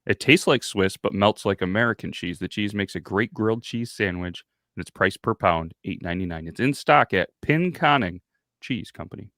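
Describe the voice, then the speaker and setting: A man co-hosting a podcast in casual chat, relaxed, reading out facts he looks up online. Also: lowish voice, normal speed, no room sound, studio quality. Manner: laid-back, reacts briefly, reads facts off the web. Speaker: podcast co-host.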